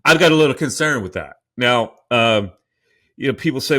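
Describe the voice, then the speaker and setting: A man's voice: mid-range voice, animated, normal speed, pushed and bright. A man hosting a sports talk podcast, rambling and opinionated, with frequent restarts.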